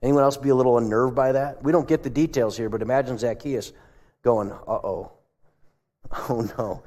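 A male pastor with a mid-range, slightly mellow voice and a steady tone speaks fast while giving a church sermon. He tells stories conversationally and asks the congregation questions, all under a long hall reverb.

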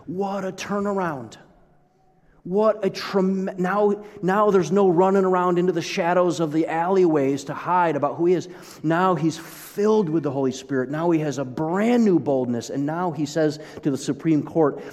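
A man's voice: fairly high pitch, moderate pace, a little mellow. A man preaching a sermon as pastor, talking conversationally and asking the audience questions. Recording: long hall reverb.

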